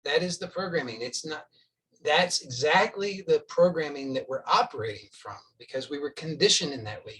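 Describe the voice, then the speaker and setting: A man's voice: a little high, lively intonation, normal speed, fairly bright tone, recorded from a distance, low-quality recording. A man giving a spoken spiritual teaching, earnest and insistent, repeating points for emphasis.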